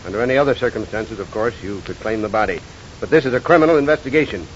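A man plays a tough veteran police lieutenant in a vintage radio drama. He speaks in a brisk, wry and commanding way. The old recording is dull, with a faint hiss. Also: fairly low pitch, natural voice. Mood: wry firm. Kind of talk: 1940s radio acting.

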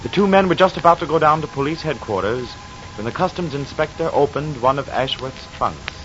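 A man narrating an old radio drama in a measured, dramatic way. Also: a little high, animated. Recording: dull, noisy old radio recording.

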